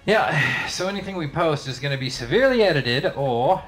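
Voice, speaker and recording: A man's voice: fairly high pitch, animated, fairly quick, a bit bright, faint music behind. Laid-back man gaming with a friend. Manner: laid-back, with sudden swearing outbursts. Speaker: gamer. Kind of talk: casual co-op gameplay chat.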